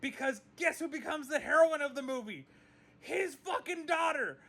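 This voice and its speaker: Man, movie vlogger, high voice, profane exasperated rant. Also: lively intonation, moderate pace, fairly bright tone. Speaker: movie reviewer. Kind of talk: casual video review.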